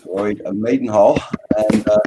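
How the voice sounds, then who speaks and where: A man's voice: lowish voice, fairly even intonation, measured pace, heavy background noise. A man hosting a video call-in chat show, upbeat as he welcomes viewers by name. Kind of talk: casual chat.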